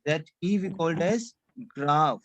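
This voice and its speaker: A man's voice: on the high side, animated, measured pace. Man drilling students in a language class. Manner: repetitive drilling, asks students to repeat; drops French checks like "c'est clair" into English. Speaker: French teacher.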